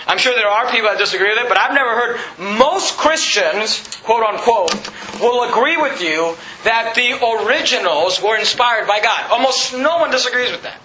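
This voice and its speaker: Male pastor, very high voice, emphatic, repeats scripture, questions the congregation, echoey dull church recording. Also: sharp tone. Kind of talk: sermon. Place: church sanctuary.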